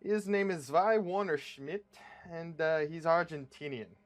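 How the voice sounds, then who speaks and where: A brash, swaggering crew boss played by a man boasts and curses his way through every pitch, his voice sitting a touch high. It sounds like a comic script read aloud. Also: a little slow, close to an everyday voice. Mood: persuasive. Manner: boastful, swearing.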